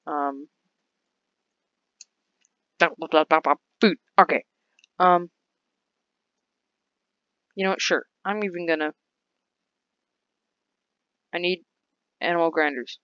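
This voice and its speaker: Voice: mid-range voice, slow pace, long pauses, fairly bright tone, dry recording, dull audio. A gaming host giving casual, playful commentary, rambling and breaking into silly sing-song repeats.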